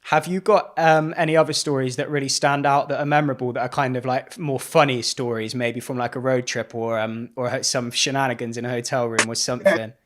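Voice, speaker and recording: A man hosting a casual interview and asking halting questions full of fillers. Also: medium pitch, little pitch movement, a bit bright. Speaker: host.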